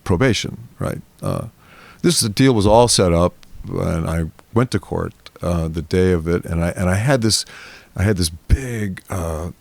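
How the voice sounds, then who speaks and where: An older man in his seventies, a guest in an interview, telling a long story in a rambling, animated way and acting out the voices of people in it. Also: deep voice, unhurried, gravelly, no echo. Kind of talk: storytelling in a conversation.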